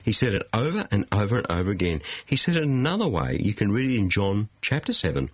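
Husky, lively male preacher. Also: on the low side, no echo. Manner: emphatic, rhetorical questions, dramatic pauses. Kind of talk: studio sermon. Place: studio.

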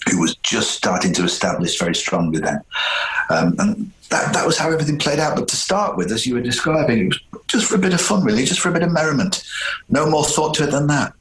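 A man's voice: mid-range voice, expressive, quick pace, fairly bright tone, reverberant, rough recording. A man in his fifties from northern England, a voice impressionist telling stories in a casual interview. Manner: chatty, anecdotal, hesitant restarts. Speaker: impressionist guest.

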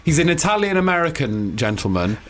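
English comedy podcast host, teasing, animated delivery. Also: male voice, a little high, fairly quick, slight background noise. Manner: joking, teasing, laughs often. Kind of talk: casual comedy chat.

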